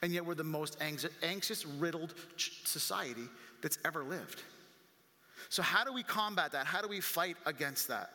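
A male pastor preaching a sermon, animated and full of rhetorical questions. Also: fairly high pitch, normal speed. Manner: animated, acts out quoted voices, rhetorical questions. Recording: long reverb of a large hall.

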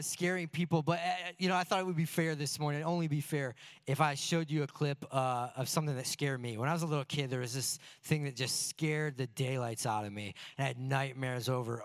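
Higher-voiced man telling a sermon story. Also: dry recording. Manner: animated, self-deprecating anecdotes. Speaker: church staff speaker. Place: church sanctuary before a congregation.

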